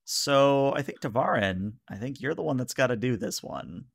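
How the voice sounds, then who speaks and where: A man's voice: medium pitch, lively intonation, normal speed, gravelly, slightly rough, dry recording, studio quality. A man running a tabletop game as game master, narrating casually with many fillers.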